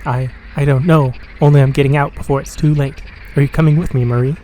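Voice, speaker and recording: A nervous young scientist, stammering and uneasy, voiced by a man. His tone is mellow and dark. Faint swamp noise sits behind. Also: medium pitch, fairly even intonation, fast talker, close to an everyday voice, poor audio.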